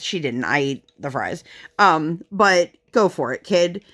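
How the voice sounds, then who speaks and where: A woman's voice: deep voice, lively intonation, takes it slowly, fairly bright tone. A woman in her thirties chatting casually while crafting, telling family stories with lots of fillers and laughter. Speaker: crafting vlogger.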